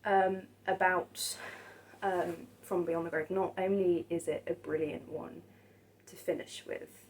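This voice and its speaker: Soft-spoken hesitant woman. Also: lowish voice, steady tone, slow, a little hiss or hum, poor audio. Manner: hesitant, many ums and restarts, soft-spoken. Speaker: film vlogger. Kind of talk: casual monologue about films.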